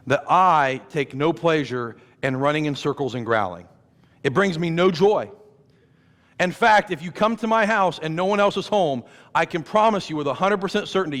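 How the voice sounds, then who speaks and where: A man in his thirties preaches from a church pulpit in a fairly high voice, talking to the congregation in a conversational way and stacking up rhetorical questions. The sound rings with the long reverb of a large sanctuary. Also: a bit bright. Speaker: pastor. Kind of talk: sermon.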